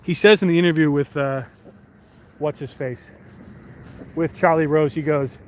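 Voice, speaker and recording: A man's voice: fairly high pitch, fairly even intonation, unhurried, long pauses, a little hiss or hum. Rambling young man streaming outdoors. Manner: rambling and profane. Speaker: live streamer. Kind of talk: casual chat to stream viewers. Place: city street at night, outdoors.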